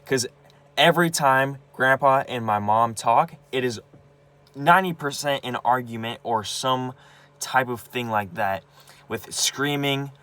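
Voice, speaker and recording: A man's voice: mid-range voice, measured pace, sharp tone. A young man venting about his family, upset and agitated, stumbling over his words with many restarts and repeated words, and swearing heavily. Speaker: vlogger. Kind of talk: personal venting monologue.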